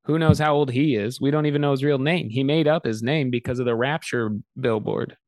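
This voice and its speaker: A man's voice: mid-range voice, fairly quick, a little mellow, no room sound. A young man co-hosting a casual movie review chat, blunt and jokey with crude slang. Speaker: podcast co-host.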